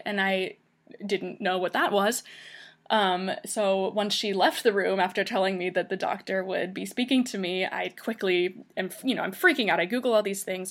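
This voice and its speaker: A woman's voice: medium pitch, steady tone, moderate pace. A young woman hosting a podcast, telling a personal story in a casual, chatty way with frequent ums and restarts. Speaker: podcast host.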